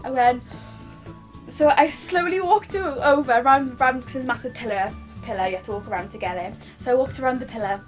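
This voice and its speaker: A woman's voice: sits high, a little fast, soft background music. A young British woman telling a personal story to her camera at home, gushing and rambling with lots of restarts. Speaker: vlogger.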